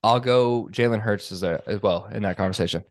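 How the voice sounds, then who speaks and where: A man's voice: fairly low pitch, a little fast, no echo, studio quality. Laid-back hesitant male podcast co-host. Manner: hesitant, filler-heavy, laughs along. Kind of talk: casual sports chat.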